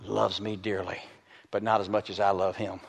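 A man preaching a folksy sermon, rising into loud emphatic bursts. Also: fairly low pitch, little pitch movement, normal speed, vocal fry, breathy edge. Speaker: preacher and dog trainer. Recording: long reverb of a large hall.

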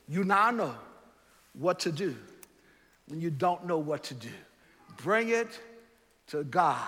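A man preaching a sermon in a seminary chapel, building with rhythmic repetition, swelling to shouts and dropping low. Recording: long hall reverb.

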